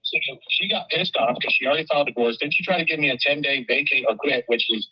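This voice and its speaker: A man's voice: fairly high pitch, fast talker, husky. A man telling a long story on a recorded phone call, rambling and swearing freely. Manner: rambling and profane. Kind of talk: casual phone conversation.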